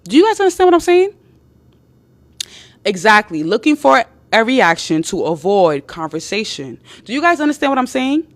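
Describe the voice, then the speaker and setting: A woman with a fairly high voice gives blunt, casual dating advice to viewers on a live stream. She is emphatic and animated, restates her points and swears freely as she talks. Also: moderate pace.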